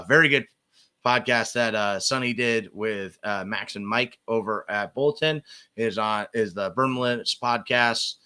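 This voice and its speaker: A male host in easygoing conversation, reading comments aloud and chuckling often. His voice is bright and forward, his talk loose and profane. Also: on the low side, clear, resonant tone. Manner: laughs often, reads viewer comments, swears casually. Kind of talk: casual livestream chat.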